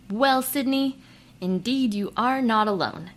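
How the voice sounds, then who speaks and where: A woman's voice: medium pitch, animated, moderate pace, a little hiss or hum. A woman hosting a comedic podcast, reading listener mail in a playful, jokey, self-mocking way. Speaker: podcast host.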